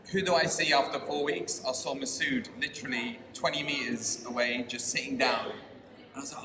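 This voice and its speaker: A man telling a personal story on stage, lively, acting out his own thoughts as quotes. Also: mid-range voice. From London. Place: stage at a live storytelling night. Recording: echoey hall, mic far off, noisy.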